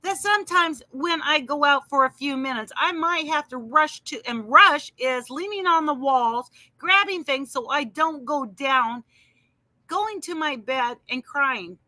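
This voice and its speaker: A woman's voice: high voice, a little slow, sharp tone, dry recording. A woman talking casually on a livestream, answering viewers in her chat by name with emphatic, heated remarks.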